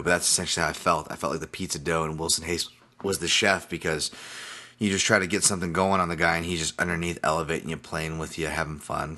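A deep-voiced middle-aged man hosts his podcast, rambling casually about fights and odds. He is hiccuping, restarts his sentences and pokes fun at himself, with a crisp, forceful tone. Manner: rambling, self-deprecating, frequent restarts. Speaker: podcast host. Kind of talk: casual sports betting talk.

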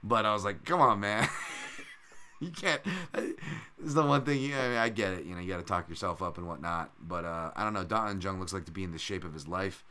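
Animated rambling man, bright and low. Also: a little fast, clean tone. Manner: rambling, animated, lots of fillers and loud impressions. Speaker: podcast host, MMA analyst. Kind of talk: casual solo podcast talk.

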